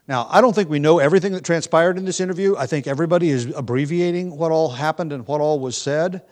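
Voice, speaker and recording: Relaxed, conversational male Bible teacher. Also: a little high, quick pace. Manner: relaxed and conversational, with frequent ums and restarts. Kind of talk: Bible study lecture.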